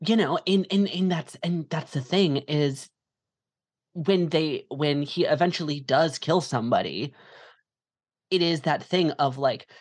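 A woman with a notably low voice talks through a film on a casual podcast. She rambles, leans on filler words and swears freely. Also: measured pace, darkish tone. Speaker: podcast co-host.

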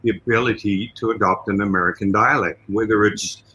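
An Australian man being interviewed as a guest, telling stories in an animated, casual way with many "you know" asides. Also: lowish voice, brisk, dull audio, slight background noise. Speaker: guest, martial arts trainer and fight coordinator.

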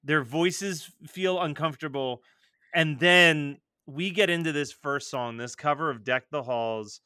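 A man in his thirties co-hosting a casual chat show, animated and swearing freely as he riffs. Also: a little high, unhurried, clear, resonant tone, no echo, clean studio sound. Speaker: podcast co-host.

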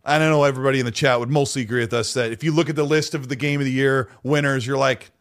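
A man's voice: medium pitch, steady tone, very fast. A man co-hosting a casual gaming podcast, laid-back and agreeable, reading out chat messages. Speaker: podcast co-host.

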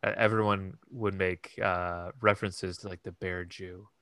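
A man's voice: low-pitched, flat delivery, unhurried, fairly bright tone, dry recording. A young man co-hosting a podcast, chatting casually about a film with plenty of fillers and restarts. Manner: hesitant, many fillers and restarts. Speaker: podcast co-host.

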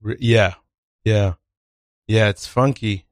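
A man's voice: lowish voice, fairly even intonation, takes it slowly, no room sound. A man hosting a podcast, chatting casually and reacting to his guest. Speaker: podcast host. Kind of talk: casual chat.

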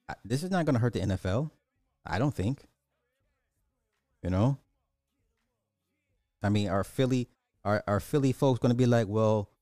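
A man, ranting in casual commentary, loose and animated, swearing and repeating himself. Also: medium pitch, no room sound, clean studio sound.

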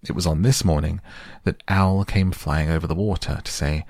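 Male sleep-story narrator, gentle, husky, close and dry. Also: deep voice, no echo. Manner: slow, gentle and soft-spoken. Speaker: podcast host and reader. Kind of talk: soft bedtime audiobook narration.

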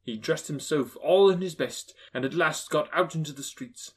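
A man narrating a classic story aloud with expressive, lilting storytelling. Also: on the high side, normal speed, slightly rough. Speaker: audiobook narrator. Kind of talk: storybook reading.

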